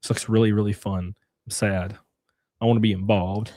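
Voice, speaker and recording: A man's voice: low-pitched, steady tone, fairly quick, dark tone, no echo, clean studio sound. Sick man hosting a crude livestream. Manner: crude, loose and profane. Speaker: livestream host. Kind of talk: casual chat reacting to videos.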